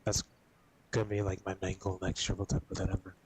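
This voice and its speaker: Gamer guy on stream, lowish voice, swears a ton, keeps coughing and clearing his throat. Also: completely flat delivery, fast talker, darkish tone, rough recording. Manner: profane, rambling, laid-back. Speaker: gaming streamer. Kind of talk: casual stream chat.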